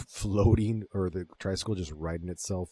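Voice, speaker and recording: A man's voice: deep voice, steady tone, normal speed, warm tone, breathy edge, dry recording. A man in his thirties co-hosting a podcast, casually retelling movie scenes in laid-back talk with plenty of swearing. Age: 30s. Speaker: podcast co-host. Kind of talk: casual movie-review chat.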